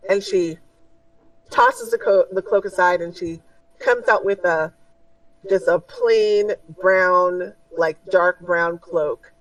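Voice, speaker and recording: A woman's voice: fairly low pitch, slow pace, no echo, far from the mic, poor audio. Woman game master, rambling narration. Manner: loose, rambling narration with fillers.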